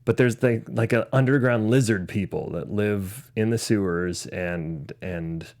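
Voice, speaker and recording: A man's voice: lowish voice, a little slow. A man in his thirties co-hosting a casual movie podcast, laughing often and slipping into joke voices. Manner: lively, laughs often, slips into mock voices. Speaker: podcast co-host.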